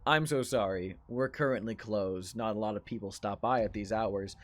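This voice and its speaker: Male voice: unsettling, overly courteous butcher with a predatory grin and regal bearing, low-pitched. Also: moderate pace, lightly acted. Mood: smooth, polite. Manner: overly polite shopkeeper.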